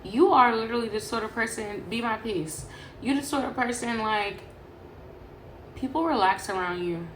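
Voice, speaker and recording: A woman's voice: fairly high pitch, normal speed, slight background noise. A young woman from Sacramento giving a casual tarot reading to camera, rambling and swearing freely. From Sacramento, California. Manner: profane, animated, rambling. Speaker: tarot reader. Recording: echoey room with faint ambience.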